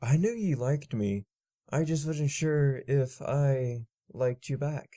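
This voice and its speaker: A man's voice: medium pitch, slow pace, mellow, lightly acted. A man voicing a prim, upper-class young female pony who teases and asks eager questions. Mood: earnest.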